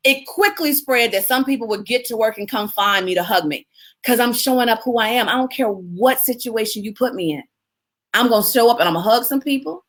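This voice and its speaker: Lively, animated woman coaching on a live stream. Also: a little high. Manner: animated, expressive, laughs often, chats with viewers' comments. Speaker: publicist hosting a live video.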